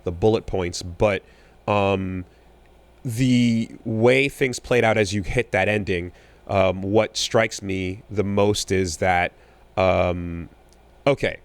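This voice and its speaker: A man co-hosting a podcast in casual chat, talking in a rambling, animated way with many fillers and restarts. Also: low voice, slow. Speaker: podcast co-host.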